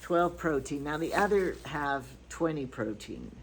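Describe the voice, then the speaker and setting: A woman's voice: low-pitched, lively intonation, unhurried, slight background noise, low-quality recording. An older grandmother chatting casually through a shopping haul, rambling from item to item with stories and asides. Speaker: vlogger.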